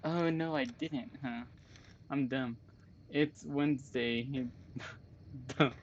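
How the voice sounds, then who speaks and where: Slow-talking joking male game streamer. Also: medium pitch, steady tone, muffled recording, a little hiss or hum. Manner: joking, chatty with chat, laughs often.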